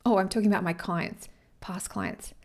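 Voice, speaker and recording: A woman talking casually to her followers in a rambling, earnest way, sometimes dropping to a soft whisper. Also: medium pitch, moderate pace. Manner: rambling and warm-hearted, often losing her thread. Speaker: vlogger speaking to her followers. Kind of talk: casual chat to camera.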